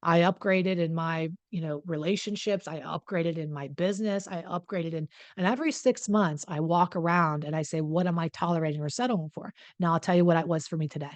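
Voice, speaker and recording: A woman's voice: lowish voice, a little fast, few pauses, no room sound. A middle-aged woman coach talking casually and candidly to the camera, mocking herself in a chatty way. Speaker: relationship coach. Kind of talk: casual direct-to-camera talk.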